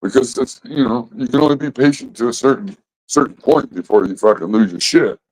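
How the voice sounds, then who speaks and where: A man's voice: mid-range voice, expressive, fairly quick, no echo, poor audio. A middle-aged man hosting a livestream, chatting casually in a rambling way, swearing freely. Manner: rambling and heavily profane. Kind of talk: casual chat.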